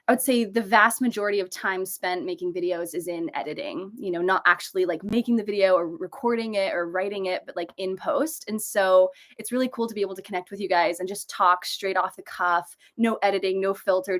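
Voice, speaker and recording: Young woman, bubbly and gushing, casual livestream chat, slightly high voice, from San Diego. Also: fairly bright tone. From San Diego, USA. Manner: bubbly, gushing, often jumps up in pitch reading greetings. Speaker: author and video creator hosting a livestream. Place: desk at home overlooking the ocean.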